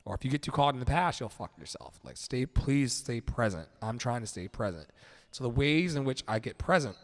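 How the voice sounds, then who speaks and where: A man's voice: medium pitch, animated, brisk. A man hosting a casual late-night livestream from home, chatting in a loose, rambling, candid way and swearing freely. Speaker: livestream host.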